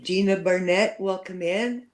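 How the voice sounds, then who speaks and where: A woman's voice: medium pitch, unhurried, rough recording. A Canadian woman with a slight French-Canadian accent, hosting her first livestream in a hesitant, filler-filled, grateful way. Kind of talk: casual live-stream chat.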